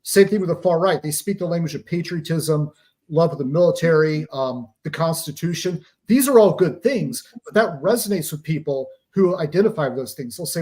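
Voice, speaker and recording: A man with a fairly high voice speaks as an interview guest. He explains in a steady, lecturing way and leans on pop-culture comparisons to make his points. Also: quick pace. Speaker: guest author on psychological operations.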